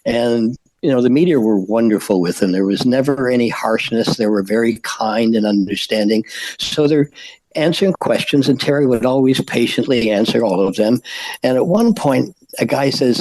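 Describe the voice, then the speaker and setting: An older man, a podcast guest, telling stories in a halting way with many fillers and restarts. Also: mid-range voice, a little mellow, rough recording. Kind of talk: anecdotal storytelling.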